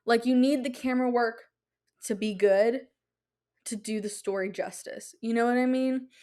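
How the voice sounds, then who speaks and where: A young woman hosts her podcast in loose, chatty talk. She rambles excitedly, tripping over filler words, with a voice set a little high for a woman. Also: normal speed. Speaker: podcast host. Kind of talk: casual chat.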